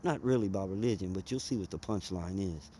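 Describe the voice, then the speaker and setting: A man's voice: sits low, fast talker, dark tone, slight background noise. A man, telling a personal story in a conversational, emphatic way. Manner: conversational, emphatic, drawls and speeds up.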